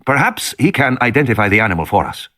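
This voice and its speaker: A man voicing a calm, formal male doctor in an audiobook, speaking with careful phrasing. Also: mid-range voice, quick pace. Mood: measured.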